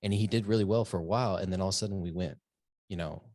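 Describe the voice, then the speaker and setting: A man's voice: deep voice, very fast, a little mellow, no echo, studio quality. A man hosting a casual conversation, talking loosely with many fillers like "you know what I mean". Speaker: podcast host, business owner. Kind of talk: casual chat.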